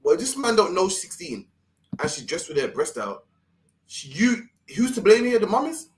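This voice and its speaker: A man's voice: sits high, sing-song, normal speed. A man co-hosting a live stream, ranting emphatically and swearing in casual commentary. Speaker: stream show co-host.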